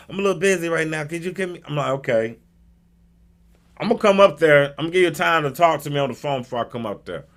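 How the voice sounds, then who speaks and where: A man hosting a talk radio stream, telling a personal story in an animated way and acting out the people in it. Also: fairly high pitch. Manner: acts out the people in his story with quick voice changes; emphatic and indignant.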